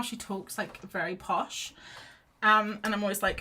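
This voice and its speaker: A woman's voice: mid-range voice, normal speed, pushed and bright, breathy edge. A young woman chatting in a rambling, casual way while she sketches on a livestream, with lots of fillers and restarts. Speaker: livestream artist.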